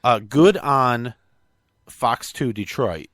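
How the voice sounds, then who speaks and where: A man's voice: medium pitch, expressive, takes it slowly, fairly bright tone, no echo, studio quality. A man hosting a casual talk show, bluntly explaining and correcting the news. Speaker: host. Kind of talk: casual chat.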